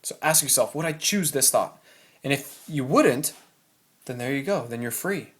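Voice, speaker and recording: A man's voice: mid-range voice, normal speed. A man talking casually and animatedly to camera about choosing your thoughts, at home. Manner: animated, acts out anxious inner thoughts. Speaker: self-help vlogger. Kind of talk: casual motivational talk to camera. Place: room at home.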